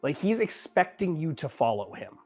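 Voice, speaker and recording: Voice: medium pitch, sing-song, moderate pace, faint music behind. A game master narrating a tabletop game in a casual, rambling way, full of fillers and self-corrections.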